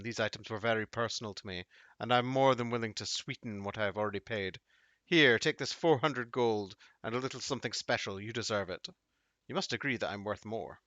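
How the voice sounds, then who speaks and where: A man voicing a scheming middle-aged brothel madam who bargains smoothly and sounds pleased with herself. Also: mid-range voice, sharp tone, dry recording, close to an everyday voice. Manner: smooth, self-satisfied bargaining. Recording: dull dry audio.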